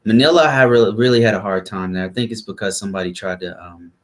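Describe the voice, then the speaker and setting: A young man in a casual chat, telling a travel story with lively quoted voices and restarts. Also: on the low side, fast. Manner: animated, acts out quotes of others. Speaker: vlog host.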